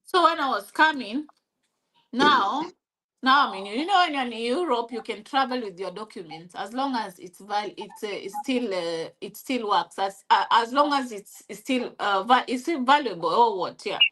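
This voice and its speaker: Young kenyan woman, high bright voice, kenyan accent, chatty interview, lots of restarts. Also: normal speed, low-quality recording. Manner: animated, repeats and restarts, switches into Swahili. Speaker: interview guest. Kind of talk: casual conversational interview.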